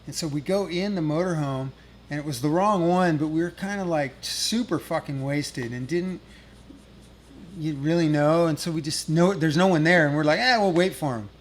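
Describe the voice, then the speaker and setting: A man's voice: a little high, moderate pace. A middle-aged man telling a rambling, profane touring story as a guest musician, laughing at his own tale. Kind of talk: casual storytelling.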